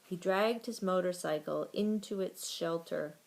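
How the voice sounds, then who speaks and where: A woman reading a children's book aloud in a slow, steady storytelling manner. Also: lowish voice, creaky. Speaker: reader.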